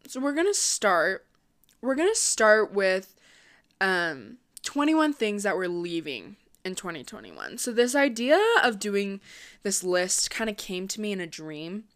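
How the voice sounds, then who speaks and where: A young woman vlogger chatting casually to her viewers, quick and upbeat, with lots of fillers. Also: medium pitch, sing-song, fairly bright tone. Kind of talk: casual chat.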